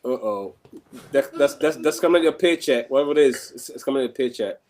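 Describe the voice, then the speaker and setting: A man co-hosting a casual podcast, loud and joking, often repeating lines for laughs. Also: mid-range voice, lively intonation, fast talker, background noise. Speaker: podcast co-host. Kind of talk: casual chat.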